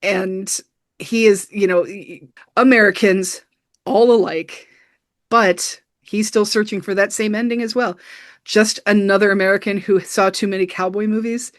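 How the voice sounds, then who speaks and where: With a steady tone and a measured pace, this mid-range female voice belongs to a podcast co-host. She recaps a film scene by scene in casual review chat, filling gaps with lots of "you know."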